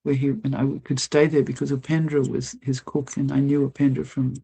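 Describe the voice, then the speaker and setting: An older woman, a guest telling lively stories in an interview, laughing often and acting out what people said. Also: very deep voice, fairly quick, vocal fry, slightly rough. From Australia. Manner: lively anecdotal storyteller, laughs often, acts out quotes. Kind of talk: storytelling interview.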